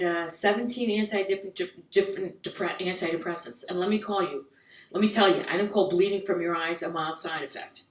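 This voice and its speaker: A woman doing a stand-up comedy set, who often slips into rapid, anxious, rambling inner monologues. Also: mid-range voice. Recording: echoey room heard from far off.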